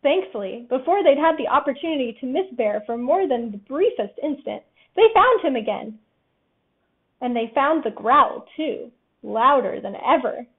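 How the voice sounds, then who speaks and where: A woman narrating a children's storybook with a lively, expressive reading, on tinny phone-like audio. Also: sits high, normal speed. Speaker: storybook reader.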